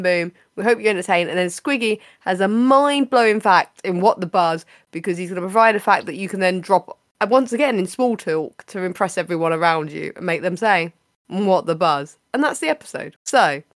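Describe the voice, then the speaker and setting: A woman's voice: mid-range voice, dry recording, clean studio sound. A woman hosting a podcast, chatting casually with her co-host in a playful, teasing way, laughing often.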